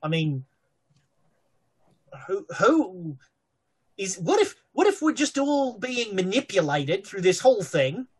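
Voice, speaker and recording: Woman playing a rambling male sorcerer, chatty and lively, slightly husky. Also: mid-range voice, takes it slowly, pauses often, heavily acted. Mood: musing. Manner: rambling, casual, nonchalant about gore. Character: odd, offhand male sorcerer who talks casually.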